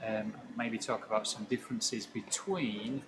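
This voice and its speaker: A man's voice: on the low side, fairly even intonation, a little slow, very noisy. A British man giving an English vocabulary lesson while walking down a city street, explaining at an easy pace with frequent ums. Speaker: English teacher.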